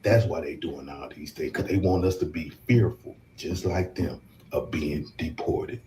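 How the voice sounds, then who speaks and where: A man on a casual panel, speaking in slow, emphatic, repeated phrases. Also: a bass voice, fairly even intonation, warm tone, a little hiss or hum.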